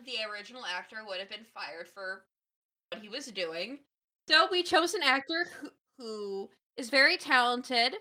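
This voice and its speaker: A woman co-hosting a podcast in casual chat, joking in a playful, deadpan way. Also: fairly high pitch. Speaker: podcast co-host.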